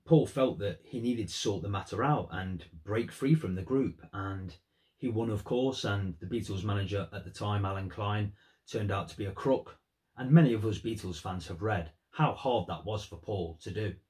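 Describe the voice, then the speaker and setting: A man's voice: lowish voice, normal speed, darkish tone. A man giving earnest, thoughtful commentary on song lyrics in a vlog. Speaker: music vlogger.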